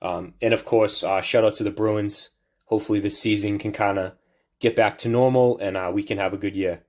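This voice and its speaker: A man with a strong Boston accent, a musician recording a casual shout-out message for a podcast. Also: on the low side, steady tone, fairly quick.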